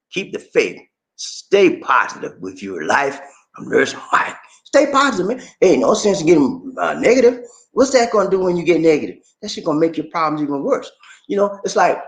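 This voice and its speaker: Animated man hosting a livestream. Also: fairly high pitch, a little fast. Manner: animated, shouts catchphrases, reads comments aloud and reacts. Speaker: livestream host reading viewer comments. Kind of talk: casual livestream chat.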